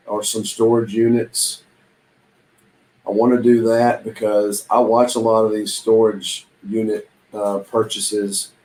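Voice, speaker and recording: A man's voice: lowish voice, darkish tone, poor audio. Folksy man chatting on a stream. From Southern United States. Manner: rambling, folksy, lots of ums and restarts. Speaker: reseller hosting a live stream. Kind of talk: casual live-stream chat.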